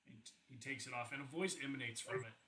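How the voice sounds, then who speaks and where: A man's voice: mid-range voice, fast, sharp tone, slight background noise, poor audio. A man narrating as game master for a tabletop game, hesitant, with lots of restarts. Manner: hesitant, full of fillers and restarts.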